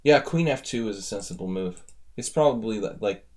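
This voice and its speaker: On a live chess stream, a man coaches by casually breaking down viewer games, thinking out loud and speaking straight to his viewers in a chatty manner. His voice sits on the low side, expressive and darkish, and he talks fairly quickly.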